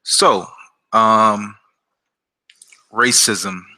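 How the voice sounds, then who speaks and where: A man with a low voice and a very bright, forceful tone tells a personal story to camera. He talks casually and hesitantly, stumbling over restarts and filling pauses with um and uh. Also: steady tone. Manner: hesitant, many fillers and restarts. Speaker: gaming YouTuber.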